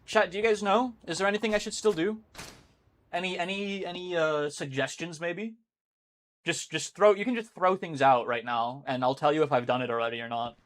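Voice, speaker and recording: A man with a slightly high, steady voice talks briskly while live-streaming a video game. He chats casually with viewers, rambling, swearing freely and laughing a lot.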